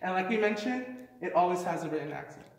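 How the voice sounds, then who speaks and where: A man's voice: sits high, expressive, fast, creaky. A man teaching a Spanish lesson in a casual, explanatory way. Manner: casual, explanatory, uses fillers. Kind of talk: classroom lesson. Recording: echoey room, mic far off.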